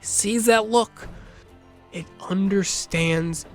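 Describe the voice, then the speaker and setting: A man narrating a video essay in a measured, reflective way, with dramatic pauses. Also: high voice, faint music behind.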